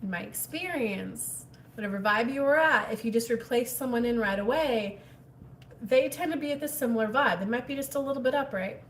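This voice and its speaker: A woman hosting a casual livestream as a spiritual coach, reading viewer comments and answering in a chatty, animated way. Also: a little high, brisk, distant mic, a little hiss or hum. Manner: chatty, animated, drops into whispers.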